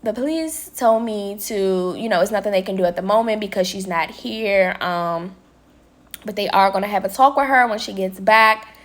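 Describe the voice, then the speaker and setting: A young woman vlogger telling a story in casual chat, talking straight to her viewers and quoting people in lively voices. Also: mid-range voice, normal speed. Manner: chatty, addresses viewers as y'all, quotes people with lively voices. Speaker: vlogger and nail tech.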